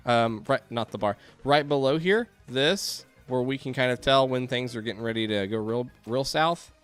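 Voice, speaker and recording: A man giving excitable let's-play commentary, yelping and laughing as things go wrong on screen. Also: medium pitch, normal speed, clean tone, soft background music. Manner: excitable, yelps and laughs at chaos. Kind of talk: game commentary.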